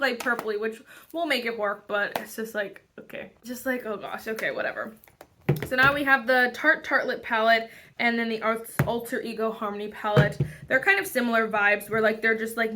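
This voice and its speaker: A woman's voice: fairly high pitch, background noise. A young woman chatting casually through a makeup tutorial, rambling with lots of fillers and restarts. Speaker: beauty vlogger.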